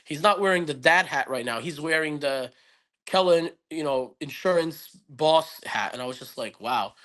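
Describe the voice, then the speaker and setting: A podcast guest tells a personal story in a casual interview, earnest and reflective but rambling with many restarts. His voice is on the high side, bright, and forceful, at a moderate pace.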